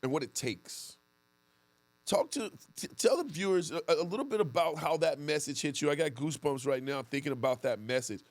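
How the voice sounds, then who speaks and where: A man co-hosting a podcast, a former teammate, asking questions in an excited, teasing way. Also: on the high side, a little fast, no room sound. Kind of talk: casual interview questions.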